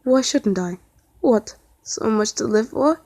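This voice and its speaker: A hopeless young man speaks softly and calmly, his voice flat with resignation, as a woman reads him in a storybook. The recording is close and dry. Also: fairly high pitch, takes it slowly, dry recording, full character voice. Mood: resigned.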